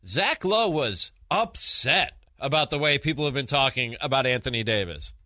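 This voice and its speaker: A man's voice: mid-range voice, animated, moderate pace, sharp tone, no room sound, clean studio sound. A man hosting a podcast, talking sports in a casual, conversational way and often restarting his phrases. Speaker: podcast host.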